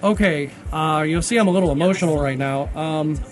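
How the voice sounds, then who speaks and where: Chatty excitable guy hosting a con vlog, kinda high voice, rambles a lot. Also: fairly quick, a crowd in the background. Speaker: YouTube channel host. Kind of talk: casual convention vlog and voice-over. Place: busy convention hall.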